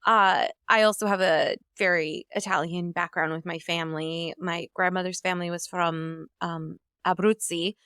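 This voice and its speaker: A woman's voice: on the low side, fairly even intonation, moderate pace, hardly any pauses, fairly bright tone, clear, resonant tone, dry recording, clean studio sound. A woman from New Jersey chatting casually as podcast host, telling stories with animation and acting out the lines she quotes.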